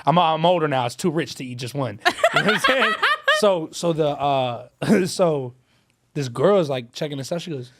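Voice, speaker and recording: A man guesting on a podcast, talking in relaxed, slangy casual chat with lots of fillers. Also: fairly high pitch, moderate pace, slight background noise. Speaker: guest comedian.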